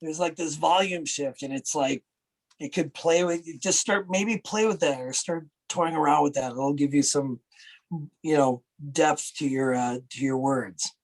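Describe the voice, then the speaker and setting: A man giving animated, casual critique on a wrestling promo over a video call, acting out examples. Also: on the high side, measured pace, low-quality recording.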